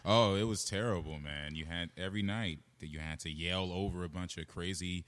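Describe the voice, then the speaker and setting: A man in casual chat, a comedian recalling past gigs in a relaxed way. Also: deep voice, moderate pace.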